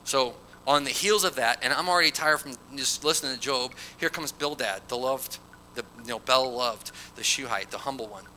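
Male preacher, very bright and sharp voice, casual and emphatic, reads verses aloud. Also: mid-range voice, moderate pace, slight background noise, rough recording. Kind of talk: sermon with scripture reading.

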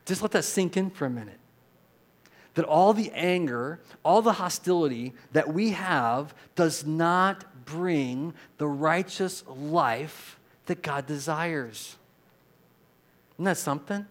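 A man preaching a sermon as pastor, earnest, moving from quiet reflection to loud emphatic repetition and leading the congregation to repeat lines after him. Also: on the high side, slow. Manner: leads the congregation in call-and-response.

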